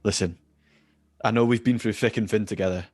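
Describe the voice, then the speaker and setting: A man voicing a grandiose, stubborn male kobold adventurer, speaking insistently with dramatic pauses, close and dry. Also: fairly low pitch, a little mellow, no room sound, lightly acted.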